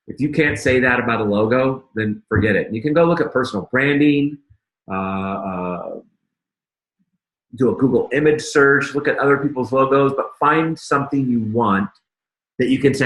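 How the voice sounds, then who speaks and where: A man's voice: mid-range voice, normal speed, a bit bright, roomy sound, low-quality recording. A man giving a casual marketing lesson while clicking through his screen, chatty and full of fillers and restarts. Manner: chatty, self-interrupting, many fillers. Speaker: marketing instructor. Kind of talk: casual screen-share teaching.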